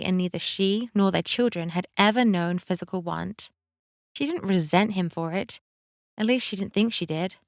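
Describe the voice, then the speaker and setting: Calm woman audiobook narrator. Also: medium pitch, no echo, studio quality. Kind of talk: scripted narration.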